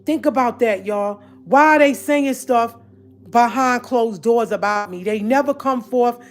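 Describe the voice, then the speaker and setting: A woman's voice: a little high, a little slow, faint music behind. A woman speaking straight to her online audience in a casual, confrontational rant. She is emphatic and keeps repeating her points. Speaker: online commentator addressing viewers. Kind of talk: casual direct-to-camera rant.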